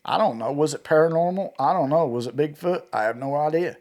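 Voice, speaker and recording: A man, a guest telling his personal encounter story in a vivid, halting way with many restarts and acted-out quotes. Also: fairly high pitch, a little mellow. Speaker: eyewitness guest.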